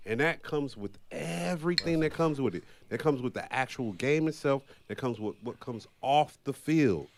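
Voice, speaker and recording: A man's voice: mid-range voice, expressive, moderate pace, few pauses, a little hiss or hum. A man in a casual sports chat, talking in an emphatic, lecturing, profane way. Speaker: podcast co-host.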